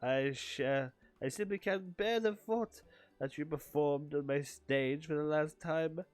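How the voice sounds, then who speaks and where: Brief: man doing a pompous game noble patron, fawning and lofty, pitched well above his own voice. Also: measured pace, no room sound, lightly acted. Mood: pleading.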